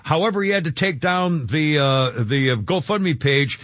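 A man's voice: on the high side, lively intonation, normal speed, fairly bright tone, no echo. A man hosting a talk radio show, ranting indignantly and rambling with many fillers, heard over a dull lo-fi broadcast.

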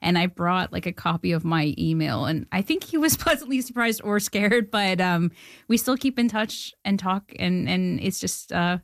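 A woman in her thirties from Canada, telling stories as an interview guest in an animated way, with frequent laughs and fillers. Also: on the low side, normal speed, no echo, clean studio sound. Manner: animated storyteller, laughs often, many fillers. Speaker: filmmaker guest. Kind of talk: casual interview chat.

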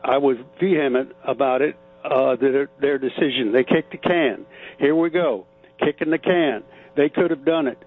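A man calling in to a radio show, talking haltingly with many fillers and repeats. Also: medium pitch, faint music behind. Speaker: caller. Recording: tinny phone line with hum.

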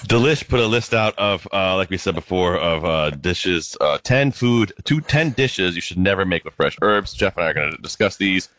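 A man's voice: sits low, expressive, moderate pace, hardly any pauses, fairly bright tone, no echo. A man co-hosting a casual chat, telling rambling joking stories. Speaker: co-host.

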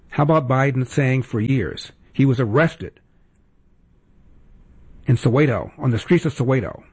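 A man's voice: medium pitch, a little mellow, slightly rough. A man hosting a political commentary show, talking in a sarcastic, indignant way. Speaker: host.

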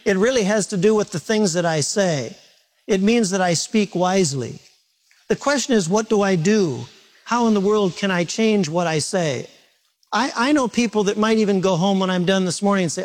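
A man's voice: high-pitched, moderate pace. A man preaching a morning sermon as a pastor, talking conversationally with repetition and self-deprecating humor.

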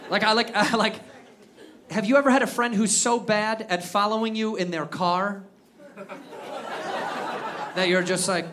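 An American man performing a stand-up comedy set, ranting loudly and profanely and acting out the people he quotes. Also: sits high, a little fast, long pauses. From United States. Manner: loud, animated, profane rants with acted-out quotes. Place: comedy club stage with a laughing audience. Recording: live club recording, crowd laughter and noise.

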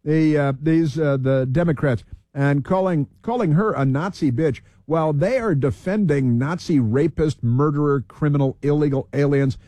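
A man's voice: fairly high pitch, normal speed, dark tone, no room sound. A man hosting political talk radio, heated, repeating himself and reeling off long lists.

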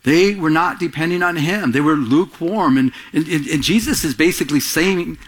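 A man preaching a sermon, animated, acting out quotes in a raised voice and often restarting his phrases. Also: a little high, moderate pace, few pauses. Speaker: pastor.

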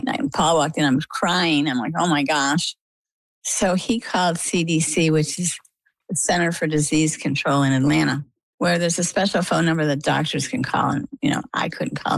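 A woman's voice: low voice, vocal fry, slightly rough, no room sound. An older woman from coastal Maine, guest in an interview, chatty and vivid as she retells events with quoted dialogue. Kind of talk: conversational storytelling.

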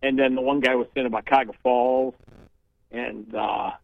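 A man's voice: medium pitch, steady tone, normal speed, creaky, no room sound. A man calling into a radio show, chatty and blunt, telling stories. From Northeast Ohio. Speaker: caller. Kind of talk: casual call-in chat. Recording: tinny phone line.

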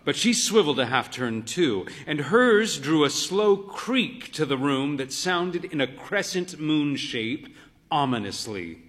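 Man reading a story aloud, slow and measured, voice goes up and down a lot, kinda dry and wry. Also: a little high, very animated, fairly bright tone. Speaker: narrator.

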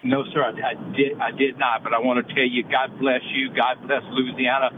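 A man's voice: medium pitch, little pitch movement, moderate pace, phone-quality sound, noisy background. A man calling in to a radio show, earnest and grateful. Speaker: caller.

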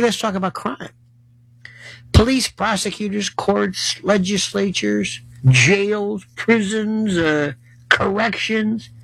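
A man's voice: a little high, vocal fry, fairly bright tone, no echo, rough recording. A male political commentator delivering a sarcastic monologue and rattling off long lists of issues.

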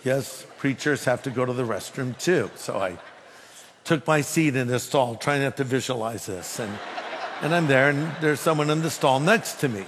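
A man preaching a sermon, telling a humorous personal story in an animated way. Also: medium pitch, normal speed, in a large hall, slight background noise. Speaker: pastor.

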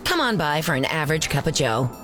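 A woman voicing a bored coffee shop owner in a radio ad, with a flat, unbothered, underwhelming delivery. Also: low voice, quick pace, soft background music. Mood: indifferent.

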